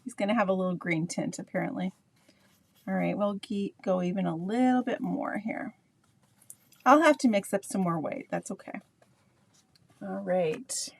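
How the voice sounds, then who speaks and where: A woman's voice: medium pitch, moderate pace, vocal fry, pauses often, dry recording. A middle-aged woman with a Canadian accent, leading a live painting tutorial in a chatty, rambling way full of asides to her viewers. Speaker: painting instructor.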